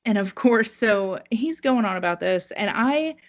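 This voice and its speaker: A woman's voice: mid-range voice, lively intonation, a little slow. A woman co-hosting a podcast, telling a funny story in a wry, self-mocking way and laughing at herself. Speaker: podcast co-host. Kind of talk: casual storytelling.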